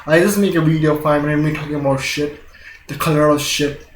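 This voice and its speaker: A young Indian gaming vlogger with a slightly high, fairly even voice talks quickly about his week, laughing a lot and swearing freely as he rambles. His Indian English leans British in its vowels. He records near a window in a room at home, and the audio is echoey with faint music and a little hiss or hum.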